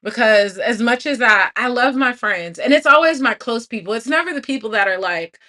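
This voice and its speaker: A woman, hosting a live stream and encouraging her viewers warmly. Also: fairly high pitch, lively intonation, a little fast. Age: 40s. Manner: warm, encouraging, effusive. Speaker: livestream host.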